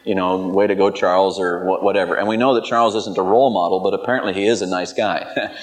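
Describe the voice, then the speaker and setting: A man's voice: low voice, fairly even intonation, quick pace, low-quality recording. A male pastor preaching a sermon, telling stories with many restarts and repeated words, growing more emphatic as he exhorts.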